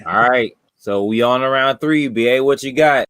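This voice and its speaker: A man moderating a sneaker battle, calling out rounds in a loud, upbeat way. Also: medium pitch, moderate pace, clear, resonant tone, no room sound. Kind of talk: casual hosting.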